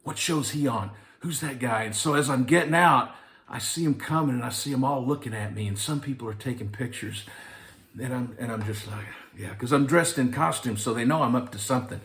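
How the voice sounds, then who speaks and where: A man's voice: medium pitch, fairly quick, fairly bright tone. A man from Arkansas, an actor, telling a wry, self-deprecating story about an audition. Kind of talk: anecdotal storytelling.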